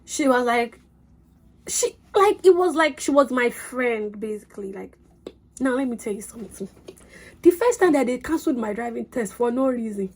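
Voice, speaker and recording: A young woman vlogging in a bubbly, animated storytelling voice. Her tone is slightly husky and sits a little high. She chats away excitedly to her viewers. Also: moderate pace. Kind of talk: casual storytelling vlog.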